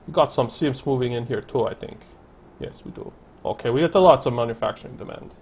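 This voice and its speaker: A man's voice: medium pitch, a little fast, vocal fry, a little mellow, slightly rough. Rambling man narrating a city-building game. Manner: rambling, thinking aloud, self-correcting. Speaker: let's play commentator. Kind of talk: casual gameplay commentary.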